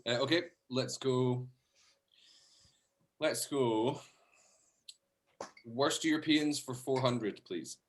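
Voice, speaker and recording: A man's voice: mid-range voice, takes it slowly, pauses often, slight background noise. Giggly male comedian telling crude jokes. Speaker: comedian contestant. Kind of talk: casual comedic banter.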